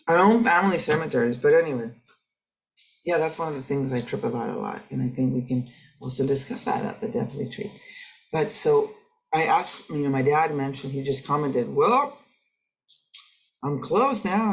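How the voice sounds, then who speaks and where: A woman's voice: rumbling low, gravelly, darkish tone, poor audio. A middle-aged woman hosting a podcast, talking in a rambling, conversational way with frequent restarts. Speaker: podcast host. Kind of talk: casual reflective monologue.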